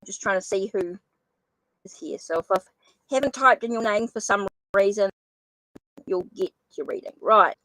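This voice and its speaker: A woman types viewers' names during her live tarot reading stream, apologizing and thinking aloud in casual conversation, her mid-range, fairly bright voice moving at normal speed with long pauses. She notes she has a funny accent. The recording is dry and the audio poor.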